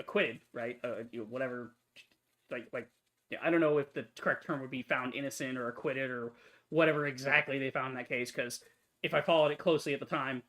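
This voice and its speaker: A man ranting casually to camera at home, swearing often, tagging sentences with "right?" and jumping up in pitch when worked up. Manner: profane, repetitive "right?" tags, animated pitch jumps. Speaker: YouTube commentator. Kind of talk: ranting commentary. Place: home, late at night.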